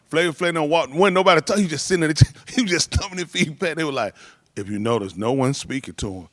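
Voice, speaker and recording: A man's voice: a little high, quick pace, no room sound. Rambling man, dry and close. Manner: loose rambling delivery with laughs and shouted impressions. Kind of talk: casual storytelling talk.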